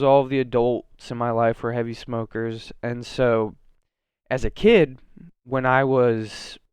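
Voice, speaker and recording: A man from Oregon hosts his own podcast alone, wandering from thought to thought with plenty of fillers and restarts. His voice is smooth and clean, at an ordinary middle pitch. The sound is close and dry, with no room echo. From Oregon, USA. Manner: rambling, many fillers and restarts, self-corrections. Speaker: podcast host. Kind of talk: casual solo podcast monologue.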